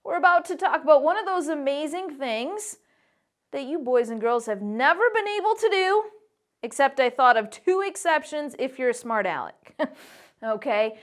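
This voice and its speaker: Lively woman teaching children a Bible lesson. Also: high-pitched, normal speed. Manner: animated, playful storyteller, talking to kids. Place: church.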